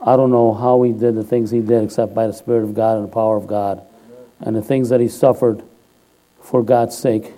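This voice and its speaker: A man preaching a sermon in an informal, chatty way, often checking in with "all right?" and rising loud and high when he exhorts or quotes. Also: little pitch movement, a little fast, low-quality recording.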